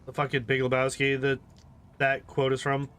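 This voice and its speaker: A man's voice: mid-range voice, completely flat delivery, moderate pace, a bit bright, clean tone. A man giving casual, joking gameplay commentary with sarcastic asides and casual swearing. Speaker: gameplay host.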